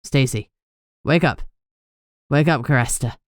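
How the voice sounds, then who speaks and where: Woman doing a rough-voiced protective lover. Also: extremely low pitch, unhurried, no echo, studio quality. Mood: urgent. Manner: urgent, soothing.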